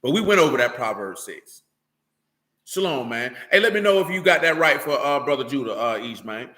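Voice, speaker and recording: A man's voice: mid-range voice, lively intonation, a little fast, pushed and bright, roomy sound. A man giving an informal, streetwise sermon as a religious teacher, blunt and emphatic, full of slang.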